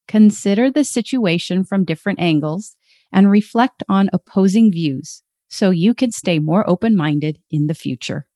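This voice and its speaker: A young adult woman hosting a podcast, cheerful and quick to laugh. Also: mid-range voice, animated, dark tone, dry recording, studio quality. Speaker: podcast host. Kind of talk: upbeat podcast chat.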